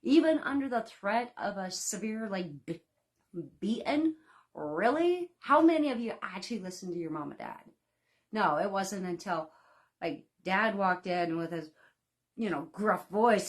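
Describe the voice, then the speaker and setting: A woman's voice: mid-range voice, lively intonation, measured pace. A woman in her thirties, a home baking instructor, talking casually and folksily to her class from home, with lots of fillers and laughs. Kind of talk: casual live-class talk.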